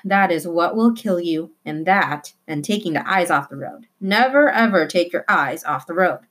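A woman's voice: fairly low pitch, animated, moderate pace, fairly bright tone. A woman voicing a careful, evasive father in a storybook reading, answering questions with questions. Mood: earnest.

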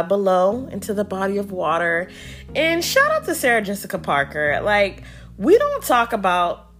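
A woman in her early thirties hosting a podcast, recapping a TV show in casual, slangy chat with dramatic reenactments. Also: medium pitch.

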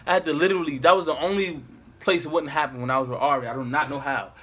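A man's voice: on the high side, steady tone, quick pace, fairly bright tone, slight background noise. A young man casually telling a rambling, slangy story to friends.

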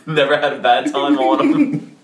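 A man's voice: on the high side, slow pace. A young man from New Orleans, a podcast guest telling a story with lots of laughter and acted-out quotes. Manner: animated storyteller, laughs often, acts out quotes. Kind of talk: casual storytelling. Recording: echoey room with faint noise.

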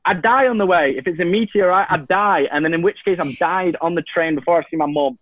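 A man's voice: high-pitched, brisk, fairly bright tone, no room sound. A man from England giving long casual answers as an interview guest, full of restarts and fillers, over a video call. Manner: rambling, many restarts and fillers. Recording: tinny phone-like line, dry.

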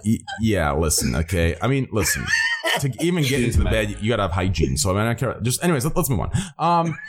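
A man's voice: lowish voice, very animated, fast talker, background noise. A man hosting a charity livestream, reading out donations in a rambling, jokey, self-interrupting way. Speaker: stream host reading donations. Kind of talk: casual livestream chat.

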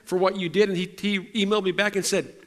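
A middle-aged man with a fairly high voice delivers a storytelling sermon. He talks to the congregation in a loose, conversational way, often restarting sentences and poking fun at himself. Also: fairly even intonation, fast talker. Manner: conversational and self-deprecating, with frequent restarts. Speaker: preacher.

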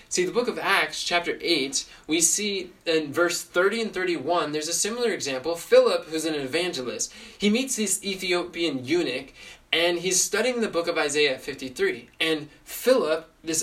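A man with a slightly raised voice teaches in a casual podcast, earnest and quick, often restarting his sentences and filling gaps with small words. His voice sits a little back from the microphone. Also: a little high, a bit bright, far from the mic. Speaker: podcast host and Bible teacher.

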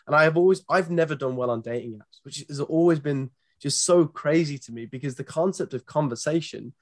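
A man with a British accent, a guest on a podcast interview, giving earnest, animated dating advice with frequent restarts. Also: a little high, no echo, studio quality. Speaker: guest, dating company founder.

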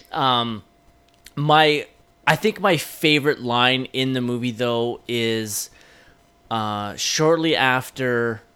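Bright-voiced, enthusiastic male podcast host. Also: medium pitch, clean tone. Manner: enthusiastic, swears freely. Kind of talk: casual chat.

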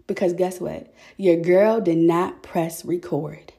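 A young woman podcast host chatting casually, telling a story in an animated way and calling her listeners y'all. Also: on the low side, slow pace, gravelly. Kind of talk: casual solo chat.

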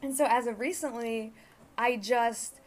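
A woman's voice: on the high side, fairly even intonation, unhurried. A young woman hosting a solo podcast, rambling through casual stories with lots of filler words and swearing. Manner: self-correcting, conversational storytelling. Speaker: podcast host.

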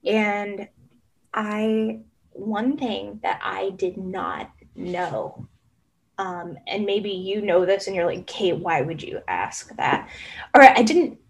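A woman from Southern Indiana, a therapist guest, talking casually in a soft, rambling way with many hesitant fillers. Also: mid-range voice, slow pace, gravelly. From Southern Indiana, USA. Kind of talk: casual conversation.

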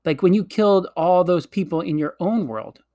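A man voicing a bossy, impatient young girl who speaks spitefully, higher than his own voice. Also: normal speed, dark tone, natural voice.

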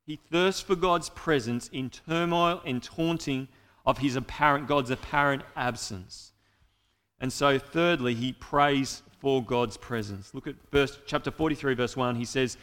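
A man's voice: medium pitch, measured pace, fairly bright tone, long reverb tail. A man preaching a sermon in an earnest way, speaking directly to his listeners.

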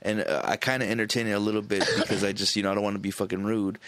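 A man with a lowish voice talks loosely on a podcast, swearing constantly and rambling between thoughts. The sound is dry and close, with no room behind it. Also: flat delivery, racing, fairly bright tone, no echo. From Arizona. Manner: profane, rambling, loose and laughing. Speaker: podcast co-host. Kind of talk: casual chat.

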